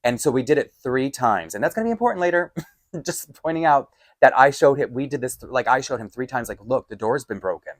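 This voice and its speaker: A man recounts a personal ordeal in a casual vlog, swinging between hushed asides and sudden loud bursts of exasperation. He speaks close to the mic in a dry, dead room at a mid pitch. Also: fairly quick, no echo. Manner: animated, exasperated storytelling with sudden loud outbursts. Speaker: vlogger telling a story.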